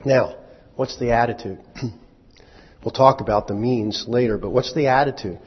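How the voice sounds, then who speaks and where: A man with a husky, mid-range voice preaches a sermon conversationally at a normal speed, asking his listeners questions and answering them himself, with small restarts. The hall recording is dull and lo-fi.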